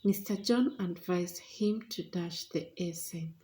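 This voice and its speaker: A woman teaching an English pronunciation lesson, explaining deliberately with frequent pauses and fillers. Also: lowish voice, dark tone.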